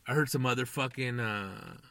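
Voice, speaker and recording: A man's voice: medium pitch, normal speed, gravelly, a bit bright, slight background noise. A young man hosting a podcast, rambling casually with constant swearing and slang. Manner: profane, rambling, slangy, says "dude" and "man". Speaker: podcast host. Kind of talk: casual monologue.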